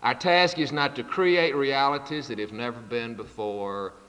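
A man preaching a sermon in a measured, earnest way, building his points through rhetorical repetition. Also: medium pitch, fairly even intonation, a bit bright, big-room sound.

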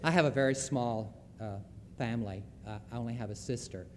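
A man's voice: mid-range voice, brisk, a little mellow, in a large hall, a little hiss or hum. A Southern man giving a folksy, emphatic lecture on Christian leadership, with storytelling asides.

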